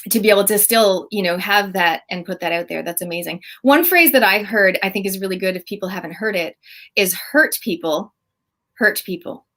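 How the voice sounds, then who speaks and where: A woman's voice: medium pitch, brisk, a bit bright. NZ-woman host, video call, gushing, chatty, loose phrasing. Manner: enthusiastic, chatty with many fillers. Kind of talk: casual chat.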